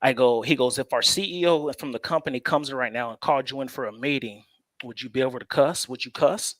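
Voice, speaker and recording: A man's voice: mid-range voice, fast, fairly bright tone, no echo. Laid-back man telling a long story. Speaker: co-host. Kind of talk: casual chat.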